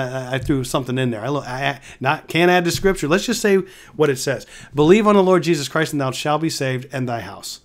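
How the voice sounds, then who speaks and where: A man hosting a Bible teaching video. He reads verses aloud and then explains them in a conversational, emphatic way, often restarting and adding tag questions. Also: fairly high pitch. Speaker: host of a Bible teaching channel.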